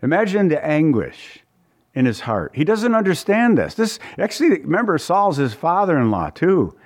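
A man's voice: fairly high pitch, very animated, moderate pace. A man preaching a conversational Bible-study sermon in a folksy way, often repeating words and asking his listeners questions.

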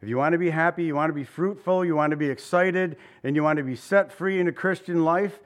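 A man's voice: on the high side, fast. A man preaching a sermon in a conversational way, asking rhetorical questions and chuckling now and then. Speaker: pastor.

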